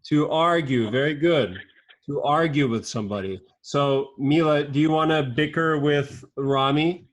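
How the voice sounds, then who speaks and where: Upbeat teacher leading an online kids' class. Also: medium pitch. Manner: upbeat, patient, quick strings of questions. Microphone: video call.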